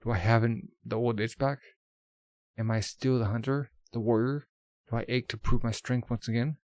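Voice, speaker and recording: Scheming demon lord thinking out loud, guy reading, mid pitch, dry. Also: fairly even intonation, normal speed, no echo, lightly acted. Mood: brooding.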